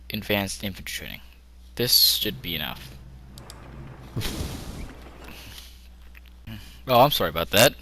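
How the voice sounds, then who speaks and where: A man's voice: sits low, bright, forceful tone, a little hiss or hum, poor audio. A young man giving rambling, joking commentary while playing a strategy game at his computer, often talking to himself. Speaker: gameplay commentator. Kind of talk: casual gameplay commentary.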